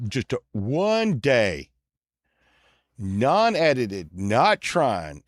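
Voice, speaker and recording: A man's voice: lowish voice, no echo, clean studio sound. A middle-aged man rambling through a crude childhood story, often laughing at it. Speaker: vlogger telling a childhood story.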